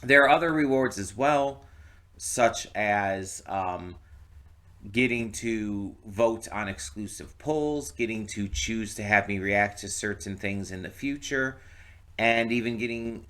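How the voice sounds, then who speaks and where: Slow, rambling male reaction host. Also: lowish voice, a bit bright. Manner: rambling, frequent "like" and restarts. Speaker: movie reaction channel host. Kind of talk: casual direct-to-camera chat.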